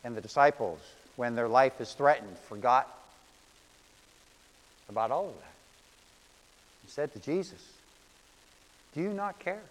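A man's voice: mid-range voice, measured pace, pauses often, in a large hall, low-quality recording. A man preaching a sermon, earnest and storytelling, with self-deprecating asides. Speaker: pastor.

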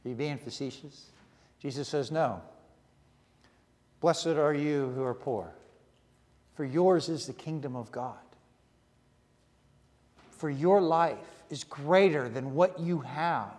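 A man preaching with an earnest, steady delivery, building his points through short repeated phrases. His voice sits a bit higher than most men's. A long reverb trails after his words. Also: slow, long pauses. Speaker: pastor. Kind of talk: sermon.

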